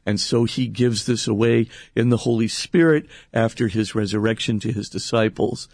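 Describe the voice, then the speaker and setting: A priest speaking earnestly and emphatically, explaining theology in conversation with frequent restarts and rhetorical questions. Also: male voice, on the low side, fairly even intonation, normal speed, darkish tone, no room sound, clean studio sound. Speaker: priest and guest.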